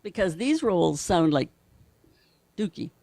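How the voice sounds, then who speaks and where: Guy from brazil teaching drum stuff, counts beats out loud, bit of fry in the voice. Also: sits high, very animated, takes it slowly, no echo. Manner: counts rhythms aloud, explains patiently. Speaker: guest drummer. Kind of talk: drum lesson demonstration.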